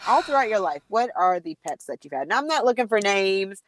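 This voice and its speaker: A young adult woman co-hosting a casual podcast, telling stories in a chatty, animated way. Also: medium pitch, fairly quick. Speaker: podcast co-host. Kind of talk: casual chat.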